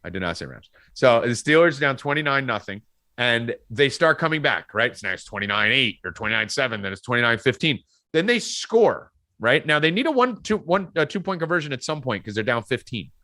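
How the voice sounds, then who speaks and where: Male sports podcast host, animated and swearing, bright voice, dry close sound. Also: medium pitch, dry recording. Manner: profane, ranting, animated. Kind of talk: sports betting podcast chat.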